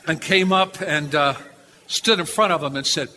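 An older man preaching a sermon, telling a story in an animated, repetitive way with chuckles, in a church before a live audience. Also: a little high, normal speed. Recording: reverberant hall, faint background noise.

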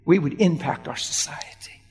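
A man preaching a sermon as a story, acting out the dialogue and swinging between hushed lines and shouts. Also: on the high side, normal speed. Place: church hall. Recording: church hall reverb with faint music.

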